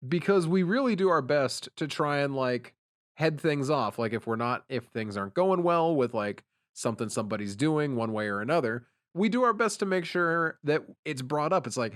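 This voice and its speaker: A man's voice: a little high, lively intonation, moderate pace. A young man co-hosting a podcast, telling casual stories and quoting people in put-on voices. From Pennsylvania, USA. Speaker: podcast co-host. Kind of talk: casual chat.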